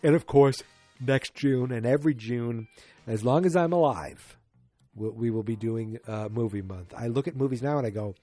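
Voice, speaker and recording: Casting: man in his forties, podcast host, rambling and jokey, mellow tone, dry close sound. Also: medium pitch, dry recording, faint music behind. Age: 40s. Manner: rambling, jokey, acts out characters in quick bursts. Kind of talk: casual solo podcast recap.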